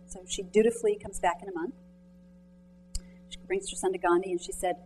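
A woman author giving a motivational talk to students and mentors in a lecture room, telling stories in a chatty, animated way and quizzing the audience directly. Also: medium pitch, fairly quick, soft background music, low-quality recording. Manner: chatty, animated storytelling with many "like"s.

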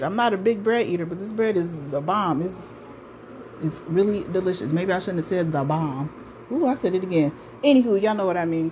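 A woman's voice: medium pitch, darkish tone, a little hiss or hum. An older woman, chatting casually to the camera at home as she shows off a shopping haul. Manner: chatty, homey, talks straight to viewers as y'all. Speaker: vlogger showing a shopping haul. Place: at home in her apartment.

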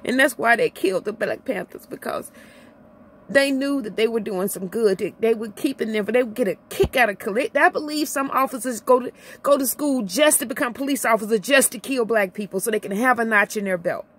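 A middle-aged woman from Illinois vlogging an impassioned personal rant, emotional and near tears, her voice swinging from high to low as she repeats herself. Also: fairly quick, fairly bright tone, slightly rough.

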